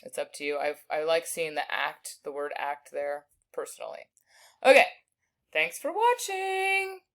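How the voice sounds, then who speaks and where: A woman teaching a recorded spelling lesson, patiently sounding out each word slowly. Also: low-pitched, very animated, creaky, fairly bright tone. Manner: patient, slow sounding-out of words.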